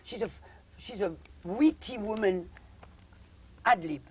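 A woman's voice: mid-range voice, slow pace, darkish tone, husky. Theatrical older French-accented woman. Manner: theatrical, flirtatious, calls people darling. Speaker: interview guest, former film actress. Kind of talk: casual talk-show chat.

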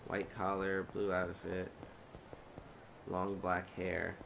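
A man's voice: low-pitched, monotone, slow pace, gravelly, background noise. A man streaming a video game live, chatting casually in a crude, joking way and swearing often.

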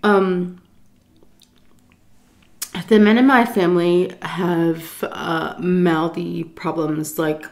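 Young woman with a lowish voice telling a rowdy family story, loud quotes. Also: drawn-out words, pauses often. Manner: animated, swearing, acts out quotes loudly. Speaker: storytime vlogger. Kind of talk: casual storytelling.

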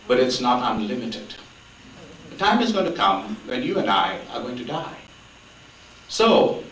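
A man giving a spiritual talk in a lively, rising-and-falling voice. He tells stories conversationally with light humor. The sound is echoey and picked up from some distance, with faint noise behind him. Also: on the high side. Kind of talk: storytelling talk on spiritual life.

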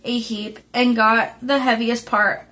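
A woman's voice: a little high, level tone, slow pace, pushed and bright. A woman reading the part of a spirited, impulsive teenage girl who speaks earnestly and emotionally, in an audiobook of a classic novel. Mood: weary.

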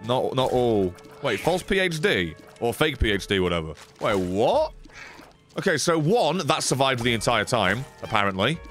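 Sweary, excitable male streamer. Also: mid-range voice, normal speed, soft background music. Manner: sweary, excitable, laughs often. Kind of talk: gameplay commentary.

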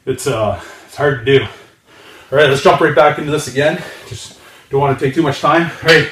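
A man's voice: medium pitch, normal speed, reverberant, far from the mic, noisy background. Breathless man counting workout reps. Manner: encouraging, counts reps with strained exhales. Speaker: fitness vlogger. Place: home gym.

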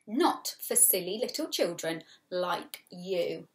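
A woman's voice: lowish voice, expressive, slow. A woman voicing a stern male god who scolds children, read aloud from a storybook. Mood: scolding. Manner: scolding, wagging a finger.

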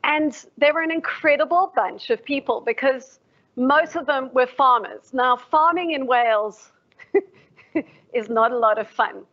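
A woman's voice: high-pitched, measured pace. Woman giving a reflective lecture. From South Africa. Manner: reflective, asks the audience questions. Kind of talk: formal public lecture. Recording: dull lo-fi livestream audio.

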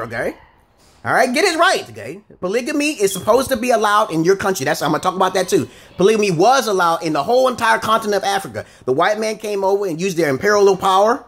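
A man's voice: sits high, a bit bright, husky. An American man ranting to camera in a confrontational, profane and rambling monologue. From United States. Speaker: vlogger.

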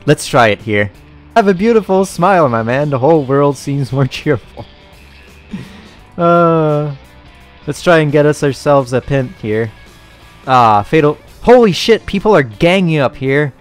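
Man, gaming commentary, lively up-and-down voice, slow unhurried delivery, swears and laughs a lot. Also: fairly high pitch, soft background music. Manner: animated, sweary reactions with frequent laughs. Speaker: gaming YouTuber. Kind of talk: let's-play commentary.

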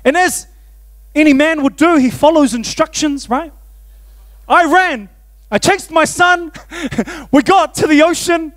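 A man, preaching a sermon in an animated, self-mocking way and often laughing. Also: extremely high pitch. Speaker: pastor. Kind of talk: storytelling sermon.

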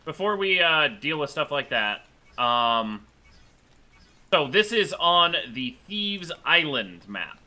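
Man, host of a gaming session, slightly high and very bright voice, punny and chatty. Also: very animated, takes it slowly. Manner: jokey, tells puns, explains game setup. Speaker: host of a multiplayer game session. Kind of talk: casual gaming chat.

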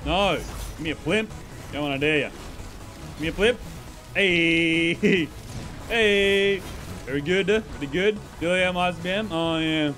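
Excitable young man commentating gameplay. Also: high-pitched, measured pace, long pauses, soft background music. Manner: excitable, swears and laughs often. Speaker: gaming streamer.

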